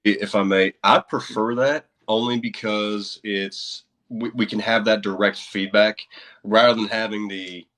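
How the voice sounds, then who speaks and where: A man's voice: lowish voice, fairly even intonation, unhurried, fairly bright tone. A man with a Southern American accent, a guest voice narrator chatting in a laid-back, modest way with many fillers. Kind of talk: livestream chat.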